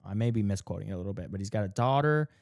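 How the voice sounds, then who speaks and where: A man's voice: lowish voice, animated, very fast, creaky, a little mellow, dry recording, studio quality. A man casually retelling a show's plot, swearing a lot, saying "like" often and acting out the characters' lines. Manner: heavy swearing, many "like" fillers, acts out quotes. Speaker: podcast co-host.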